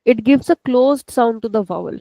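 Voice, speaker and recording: A patient woman teaching an online language lesson to students, repeating words slowly and explaining each sound. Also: a little high, lively intonation, gravelly, dark tone, dry recording, low-quality recording.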